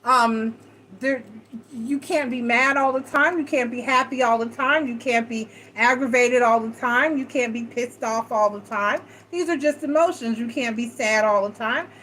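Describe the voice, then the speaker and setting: Woman tarot reader, fairly high voice, chatty and rambling, frank with a salty streak; faint hiss behind. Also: moderate pace, fairly bright tone, rough recording. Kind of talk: casual tarot reading monologue.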